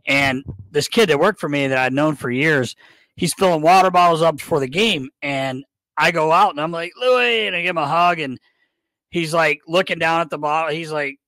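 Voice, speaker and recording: A man co-hosts a podcast, telling an animated story with quoted dialogue. His voice sits fairly high. The sound is dry and close. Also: brisk, no echo, rough recording. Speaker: podcast co-host. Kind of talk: casual chat.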